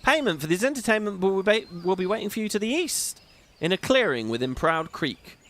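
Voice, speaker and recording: A man's voice: sits high, sing-song, brisk, a bit bright, slight background noise, voice pushed up. A man voicing a theatrical, courtly male chronicler, reading game dialogue aloud in a grandiose, flowery way. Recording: game music behind voice.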